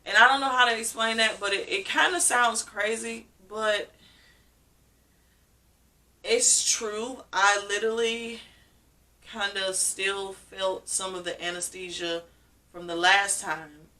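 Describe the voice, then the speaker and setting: A young woman with a bright, clear voice tells a personal story to her vlog audience. She talks casually and with animation, laughing often and leaning on the word "literally". She sits a bit back from the microphone. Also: medium pitch, steady tone, slow. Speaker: vlogger. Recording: voice a bit far from the mic.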